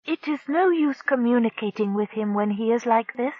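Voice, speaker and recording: The narrator voicing a calm, worldly alien daughter who soothes her father in an audiobook. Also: mid-range voice, moderate pace, no room sound, dull audio, voice pushed up, natural voice. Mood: resigned. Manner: soothing, reasoning. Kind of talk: audiobook character voice.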